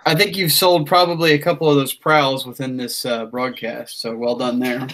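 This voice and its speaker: A man's voice: mid-range voice, flat delivery, moderate pace, a bit bright, slight background noise. A man hosting a casual podcast, rambling with many fillers and restarts. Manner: rambling, filler-heavy, self-deprecating. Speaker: podcast host. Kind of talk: casual podcast sign-off chat.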